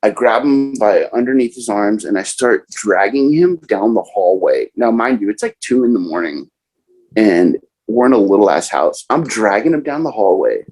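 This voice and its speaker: A young man casually telling a profane personal story, animated and acting out other people's lines. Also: fairly low pitch, normal speed, husky, poor audio. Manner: profane, animated, quotes others in raised voices.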